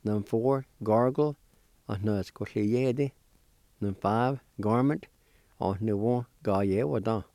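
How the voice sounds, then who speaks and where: Slow, deliberate male language teacher. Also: fairly low pitch, warm tone, no room sound. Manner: slow, deliberate, spells letter by letter; encouraging. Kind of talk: slow spelling and pronunciation lesson.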